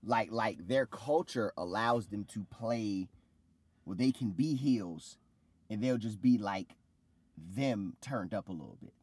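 Low-voiced man, slangy animated storyteller. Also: unhurried, slightly rough, no echo. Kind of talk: casual chat.

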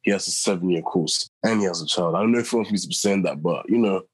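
A young man speaks quickly and earnestly as a first-time podcast guest. His voice is slightly husky and a touch low. The sound is close and dry. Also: dry recording. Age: young adult. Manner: earnest, talks fast with many restarts. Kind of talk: casual interview talk.

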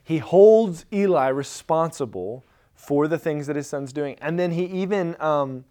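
Male pastor, conversational sermon delivery, fairly high voice, loose and informal. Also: lively intonation, unhurried, dark tone. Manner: casual, conversational preaching with fillers and restarts.

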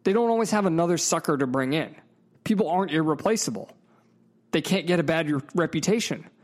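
A man's voice: fairly high pitch, animated, a little fast. A man in a casual, profane storytelling rant, emphatic and heated, with frequent asides to the viewer. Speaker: vlogger.

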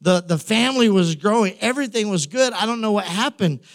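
High-voiced animated preacher man. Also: a little fast. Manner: animated preaching, rising to shouts, humorous asides. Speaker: pastor. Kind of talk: sermon.

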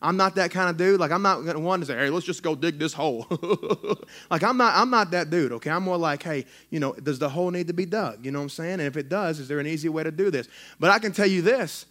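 A man, a pastor preaching a sermon in a church in an excitable, conversational way with frequent restarts. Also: fairly high pitch, fast talker. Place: church sanctuary.

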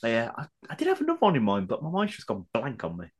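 Male co-host, laughs a lot, very lively intonation. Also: mid-range voice, racing, a little hiss or hum. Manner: laughing often, animated storyteller. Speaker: podcast co-host. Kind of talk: casual chat.

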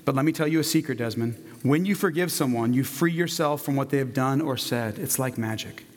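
A man voicing a kind, gentle old priest in a story told during a sermon. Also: mid-range voice, brisk, long reverb tail, close to an everyday voice. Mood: gentle, consoling.

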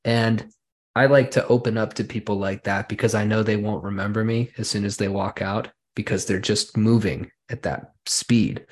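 A podcast host with a somewhat low voice spins a long, wry anecdote for his co-host. He talks casually and lingers on small details, setting the scene piece by piece. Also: fairly even intonation, normal speed. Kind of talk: casual storytelling chat.

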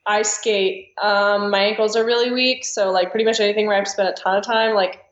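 A woman's voice: medium pitch, fairly even intonation, a little fast. Young woman rambling on a podcast, lotsa ums and likes, echoey and kinda muffled. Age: young adult. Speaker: guest, actress and singer. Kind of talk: casual podcast chat.

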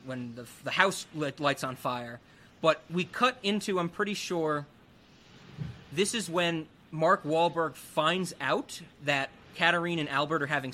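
Podcast host, male, chatty film recapper who acts out the lines; bright, pushy voice. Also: on the high side, slight background noise. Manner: animated, acts out characters' lines. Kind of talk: casual film recap chat.

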